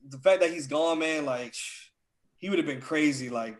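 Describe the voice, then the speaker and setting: Young man chatting loosely, slightly high voice. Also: normal speed. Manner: loose, filler-heavy, enthusiastic about music. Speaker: podcast co-host. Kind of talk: casual chat.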